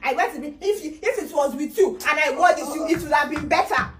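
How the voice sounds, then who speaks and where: A woman's voice: sits high, loud music behind the voice, close to an everyday voice. An actress with a Nigerian accent playing a wife who scolds and mocks her husband. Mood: scornful. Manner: fast, mocking, scolding. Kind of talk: comedy skit acting.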